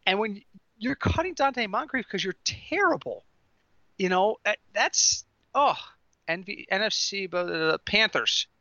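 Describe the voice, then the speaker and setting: A man chats on a casual podcast with a very bright, slightly high voice, telling stories with animation and stifled laughter. The sound is dry and a little dull, as if through a modest mic. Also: unhurried, no room sound. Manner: animated storytelling, laughing through his lines. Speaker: podcast co-host.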